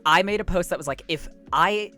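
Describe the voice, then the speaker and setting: A woman's voice: lowish voice, a little fast, sharp tone, soft background music. A woman streamer chatting casually, playful and jokey.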